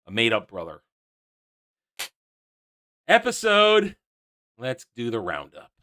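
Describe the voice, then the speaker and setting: A man's voice: on the high side, expressive, moderate pace. A man reviewing a TV episode, sarcastic and exasperated, recapping scenes with frequent restarts. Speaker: YouTube reviewer.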